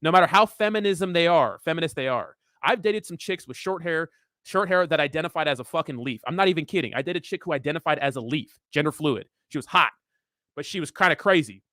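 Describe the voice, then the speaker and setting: A young man with a slightly high voice talks casually on a livestream, answering chat in a blunt, profane, rambling way full of fillers. He is close to the mic in a small, very dry room. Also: animated, fast, sharp tone, dry recording. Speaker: crypto livestream host. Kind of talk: casual livestream chat reading viewer comments.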